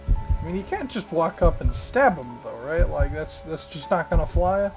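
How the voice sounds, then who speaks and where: A man's voice: fairly high pitch, sing-song, moderate pace, rough recording. A young man playing a video game, reading its dialogue aloud in playful, mock-dramatic voices and joking about his slips. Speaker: gaming channel host. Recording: game music playing behind.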